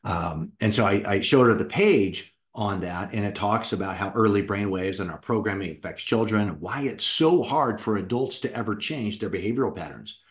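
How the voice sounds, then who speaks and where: A middle-aged man with a slightly low voice tells his own story. He talks in an animated way and acts out the words he said back then. He is an author of children's books. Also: moderate pace, few pauses. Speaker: children's book author and founder. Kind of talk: personal storytelling talk.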